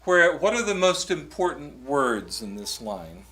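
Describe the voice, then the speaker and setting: A man leading a workshop on psalm chanting in a church, chatty and halting, with many fillers and restarts as he coaches singers. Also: fairly high pitch, sing-song, bright, forceful tone, reverberant. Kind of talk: teaching a choral workshop.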